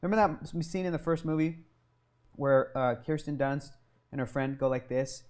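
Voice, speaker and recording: A man telling a long childhood story as an interview guest, animated and swearing often, acting out what people said. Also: fairly high pitch, moderate pace, smooth. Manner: animated and profane, acting out quotes.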